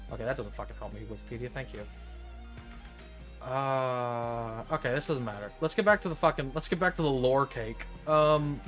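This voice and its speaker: A young man streaming reads an article aloud and riffs on it, joking, swearing, and sounding incredulous in this casual commentary. His voice is medium-pitched with a fairly bright tone.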